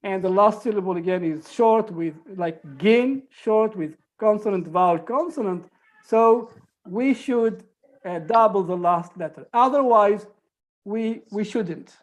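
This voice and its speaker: A woman's voice: mid-range voice, measured pace. A woman teaching an online group English lesson, patiently repeating examples and explaining rules step by step.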